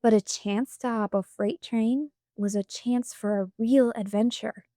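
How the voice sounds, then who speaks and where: Storybook reader: woman, calm and measured, slightly high voice, slow delivery. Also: dry recording, studio quality. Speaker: audiobook reader. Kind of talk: storybook audiobook narration.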